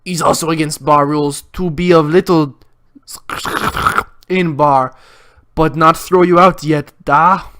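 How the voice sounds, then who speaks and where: A man voicing a gruff middle-aged male bartender with a put-on Russian accent in a game. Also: a little high, fairly even intonation, unhurried, pauses often, a bit bright. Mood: stern.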